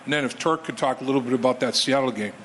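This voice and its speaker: A man's voice: medium pitch, fairly bright tone, slight background noise. Man moderating a panel in a hall. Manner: conversational, quick setup of questions. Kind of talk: interview questions. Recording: echoey hall with faint ambience.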